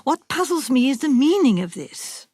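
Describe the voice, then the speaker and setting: A woman reader voicing a shrewd, practical nurse in a storybook reading, brisk and matter-of-fact. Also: sits high, very animated, a little mellow, no room sound, studio quality, pitched above the performer's own voice.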